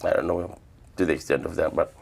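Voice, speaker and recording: A middle-aged man from the Northern Mariana Islands telling stories in an interview, relaxed, acting out the voices he quotes. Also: low-pitched, fast talker, gravelly. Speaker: humanities awardee, traditional healer. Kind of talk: interview storytelling.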